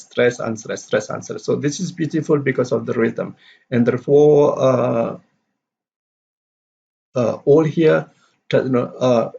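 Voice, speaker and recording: A man explains word stress in a halting lecture, pausing often with fillers and restarting his sentences. His voice is husky. The recording sounds dull and lo-fi. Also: medium pitch, darkish tone. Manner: halting, many fillers and restarts, reads example sentences aloud. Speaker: English teacher.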